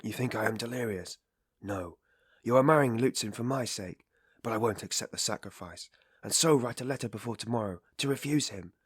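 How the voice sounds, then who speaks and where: A man's voice: mid-range voice, a little fast, breathy edge, dry recording, close to an everyday voice. An irritable, feverish young man, read by a male narrator snaps out short, curt sentences in a plain mid-range voice. The sound is dry and close.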